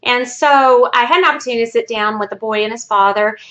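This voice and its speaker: A woman's voice: fairly high pitch, fast, fairly bright tone. A woman therapist speaks to viewers in an educational video, telling a story from her practice and closing with friendly sign-offs. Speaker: family therapist. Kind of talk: educational talk to camera.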